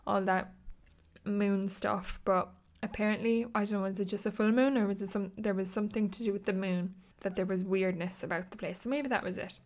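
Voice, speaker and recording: A woman's voice: mid-range voice, pushed and bright. A young woman with an Irish accent, hosting her own podcast in a chatty, rambling way and laughing often. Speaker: podcast host. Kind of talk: casual chat.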